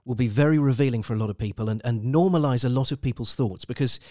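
Man, podcast host, interview, gentle, hesitant, repeats words, dry close sound. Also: medium pitch, fast talker, no room sound.

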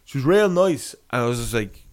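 A man's voice: medium pitch, expressive, a little fast. A young man telling a long, rambling anecdote in casual chat, swearing and laughing as he goes. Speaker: storyteller.

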